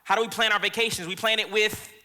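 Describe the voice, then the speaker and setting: A man's voice: high voice, steady tone, quick pace, pushed and bright, big-room sound. A man, a pastor, preaching a sermon in a casual storytelling way with asides to the congregation. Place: church auditorium.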